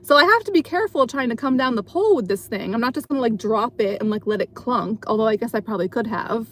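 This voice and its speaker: In a fairly high, somewhat bright voice, a woman streaming live from her car at night tells a story quickly and expressively. The chat is casual and meandering, packed with fillers and restarts.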